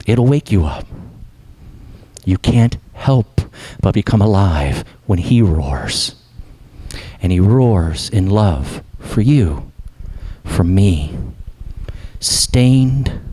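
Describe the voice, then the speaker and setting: Man, pastor, sermon, impassioned, very animated pitch, dips low for emphasis. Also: slight background noise.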